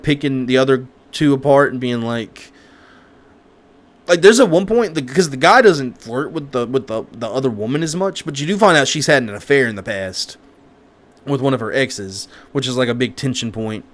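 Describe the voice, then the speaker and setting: A man co-hosting a casual chat, recapping a movie in a rambling, animated way with lots of restarts and slang. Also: medium pitch. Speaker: co-host.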